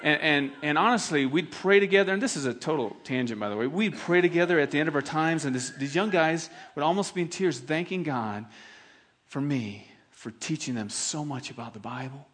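A middle-aged male pastor preaching a sermon, telling stories in an animated, laughing way. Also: on the high side, brisk.

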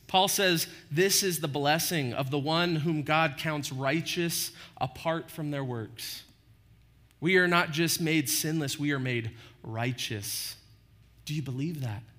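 A man's voice: on the high side, normal speed, fairly bright tone. A man preaching a sermon as pastor, conversational, often checking in with "right?" and acting out short quotes. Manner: conversational, frequent "right?" tag questions.

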